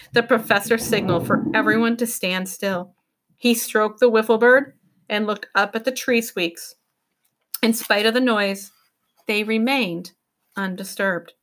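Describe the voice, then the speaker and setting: A woman teacher reading a novel aloud to her class with expressive storytelling delivery. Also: mid-range voice, unhurried.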